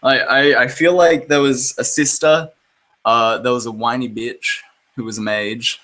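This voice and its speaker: A man's voice: mid-range voice, steady tone, unhurried, pushed and bright, poor audio. Sarcastic, swearing podcast co-host man. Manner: sarcastic, swears freely, laughs often. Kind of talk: casual chat.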